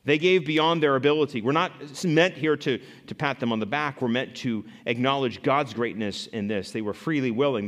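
A man preaching a sermon as pastor, earnest and lively, often restarting phrases as he explains scripture. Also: medium pitch, long reverb tail.

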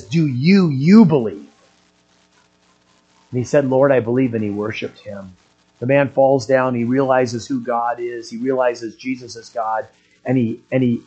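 An older man delivers a sermon in a husky, slightly rough voice at an ordinary pitch. He clears his throat between points and swings from low, quiet asides up to loud, emphatic stretches. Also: lo-fi sound. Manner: clears his throat often, builds to emphatic raised passages. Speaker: pastor.

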